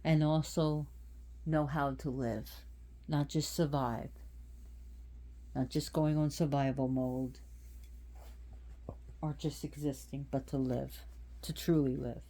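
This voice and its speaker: A woman's voice: sits low, fairly even intonation, slow pace, long pauses, warm tone. A woman hosting her own channel, giving a casual, rambling talk about a goddess. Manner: rambling, repeats and restarts phrases. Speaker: channel host.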